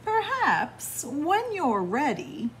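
A woman's voice: sits high, wildly swooping pitch, extremely slow, a little hiss or hum, voice pushed up, heavily acted, rough recording. Kindly old grandpa duck, as a woman reads him. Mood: gentle. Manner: soft, reassuring storybook voice.

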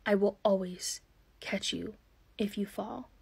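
A woman voicing a soft-spoken romantic young man in a love story she tells. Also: steady tone, slow pace, vocal fry, slightly rough, heavily acted. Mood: tender. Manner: hushed, low murmur.

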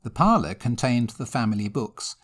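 A man reading a classic ghost story aloud, in a measured, expressive storytelling manner. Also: medium pitch, slightly rough. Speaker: narrator. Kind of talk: scripted narration of a ghost story.

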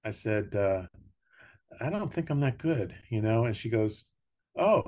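An older man with a low voice chats easily as a podcast guest. He tells personal stories with frequent laughter and drifting pauses. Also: lively intonation. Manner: warm storytelling, laughing often, trailing pauses. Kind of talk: casual conversation.

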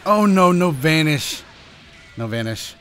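A man's voice: animated, takes it slowly, fairly bright tone. Anxious young man commentating a match. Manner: anxious, self-pleading, jumps up and down in pitch. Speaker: gaming channel host. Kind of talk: live gameplay commentary. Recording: faint music behind.

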